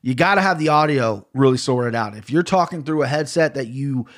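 A man with a mid-range voice and lively intonation speaks a little fast as he hosts a casual podcast from a home studio mic. He rambles through a fight recap, blunt and swearing plenty.

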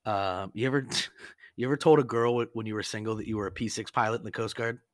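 A man's voice: on the low side, steady tone, fast, dry recording, studio quality. A man hosting a podcast, telling rambling service stories in a casual, profane way and laughing often. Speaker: podcast host. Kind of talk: casual storytelling chat.

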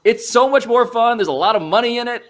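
A man's voice: very high-pitched, quick pace. A man hosting a sports podcast, wry and teasing in casual chat. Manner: wry, teasing, animated delivery. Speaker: podcast host.

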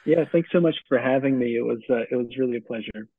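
Halting middle-aged man on a tinny line. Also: medium pitch, dry recording. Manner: halting, many restarts and fillers, laughs easily. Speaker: author and guest. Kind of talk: casual interview answers. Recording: tinny phone-like call audio.

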